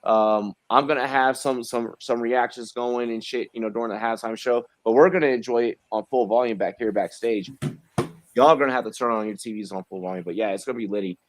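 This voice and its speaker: A man hosting a casual livestream show, talking in an animated, rambling way full of fillers and repeats. His voice is mid-pitched and close and dry, with little room sound. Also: a little fast, no room sound. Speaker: host.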